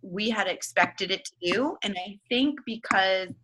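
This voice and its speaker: A woman's voice: medium pitch, measured pace, fairly bright tone, husky, low-quality recording. A woman leading a casual online team call, chatty and giggly, with plenty of fillers. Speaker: team leader hosting a coaching call. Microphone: online group call.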